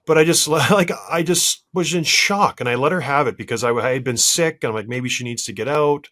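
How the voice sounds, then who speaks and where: A man's voice: on the high side, normal speed. Exasperated man telling a story. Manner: animated storytelling, exasperated, self-deprecating. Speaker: podcast co-host. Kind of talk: casual podcast chat.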